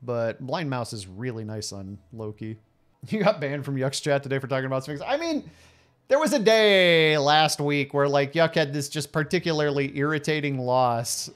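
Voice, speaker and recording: Talking to chat while he plays, a late-thirties streamer keeps up casual game commentary, teasing viewers and laughing frequently. He speaks in an animated mid-range voice at a moderate pace.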